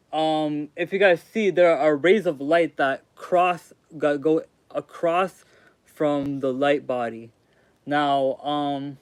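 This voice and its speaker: A young man with a slightly high voice, recorded with no room sound, streams live and rambles casually. He reads chat aloud and answers it in slangy commentary.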